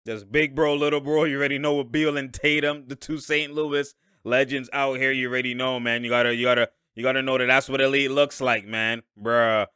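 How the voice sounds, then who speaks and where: A man giving a casual, slangy breakdown of basketball game film, animated and laughing often as he mimics the players' reactions. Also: mid-range voice, fairly quick, hardly any pauses, smooth, no room sound, studio quality. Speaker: basketball analyst and channel host.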